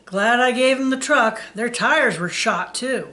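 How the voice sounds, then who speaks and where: A woman's voice: on the high side, measured pace, sharp tone. A woman voicing a kindly old male gas station owner who talks in a folksy, plain-spoken way in a read-aloud story.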